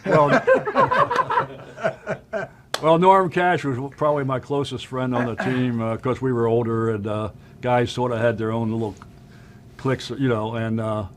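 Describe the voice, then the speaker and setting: A man's voice: mid-range voice, fairly even intonation, a little slow, long pauses. Older male ex-player, plain matter-of-fact delivery, faint noise behind. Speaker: former ballplayer, interview guest. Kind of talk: interview chat.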